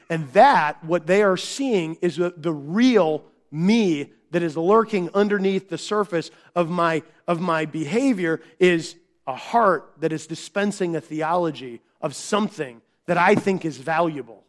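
High-voiced man preaching a conversational sermon. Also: a little slow, few pauses. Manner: conversational, with rhetorical questions to the audience; acts out quoted voices with big swings in pitch and volume. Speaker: pastor.

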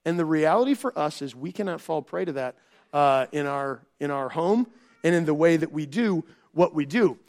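A man preaching a church sermon, and his voice sits high for a man. He talks conversationally, restarts his phrases and keeps asking the congregation rhetorical questions. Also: animated, moderate pace, darkish tone. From Minnesota. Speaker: pastor.

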